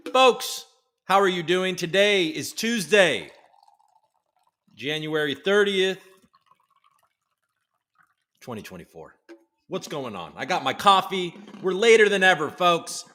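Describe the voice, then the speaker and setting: Bright, upbeat male livestream host. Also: high voice, very animated, unhurried, pauses often. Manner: rambling, jokey, self-interrupting, swears. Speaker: host of a daily crypto news livestream. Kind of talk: casual live-stream chat. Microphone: desk microphone.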